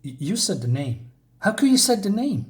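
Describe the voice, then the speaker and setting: Man putting on a young Southern vampire woman, hushed menacing drawl, comic read-along. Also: high-pitched, very animated, moderate pace, slight background noise, voice pushed up. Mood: fearful. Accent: put-on Southern.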